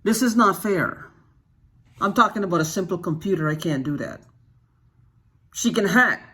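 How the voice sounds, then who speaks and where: This is a husky, slightly rough voice in an unscripted vlog monologue, pitched in the middle of the range. The speaker sounds agitated and keeps firing off rhetorical questions. Sentences often stall and restart, and key phrases get said twice for emphasis. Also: expressive, normal speed, pushed and bright. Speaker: YouTube channel host.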